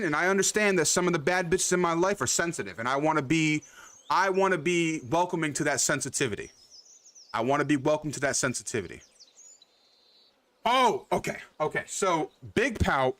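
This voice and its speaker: With a slightly high, fairly bright voice, this young livestream host plays a game while casually chatting with viewers from the live chat by name. He rambles, repeats himself and swears without holding back.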